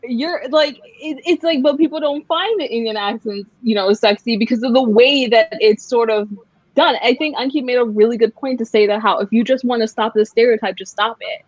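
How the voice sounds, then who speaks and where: A woman guest in a casual discussion, animated and quick to restart her sentences. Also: on the high side, no echo. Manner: animated, restarts often, laughs between points. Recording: dull, dry lo-fi sound.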